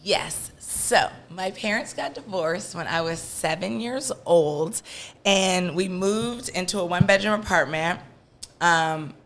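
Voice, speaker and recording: A woman guest on a podcast, telling a story from her childhood in a lively way and acting out the voices of the people in it. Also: lowish voice, slow pace. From Washington, D.C. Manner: lively, animated storyteller, acts out quoted voices. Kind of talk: casual storytelling interview.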